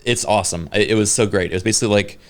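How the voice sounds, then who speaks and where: A man's voice: on the low side, racing. A man in his thirties co-hosting a podcast, telling a story casually with many fillers and restarts. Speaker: podcast co-host. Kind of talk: casual chat.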